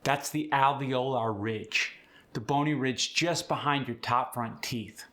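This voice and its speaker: A man coaching pronunciation in a clear, upbeat, instructive manner. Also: medium pitch, a little slow, pushed and bright. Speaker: accent coach. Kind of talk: pronunciation tutorial.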